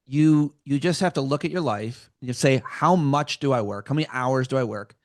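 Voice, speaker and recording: A man, a comedian guest on a talk show, giving his earnest opinion with halting restarts. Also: medium pitch, no echo, clean studio sound.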